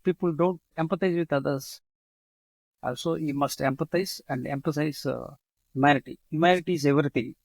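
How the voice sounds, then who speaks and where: A leadership author appears as an interview guest, speaking off the cuff in an Indian English accent. His voice sits on the high side with vocal fry, captured in a dry, rough recording. He keeps repeating his motto and slogans, halting often with many fillers.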